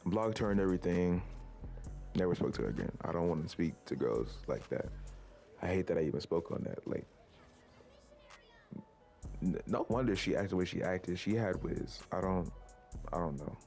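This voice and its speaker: Gravelly low-voiced young guy telling stories. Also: animated, normal speed, long pauses, darkish tone, soft background music. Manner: rambling, lots of likes and restarts. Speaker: vlogger. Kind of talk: casual storytelling to camera.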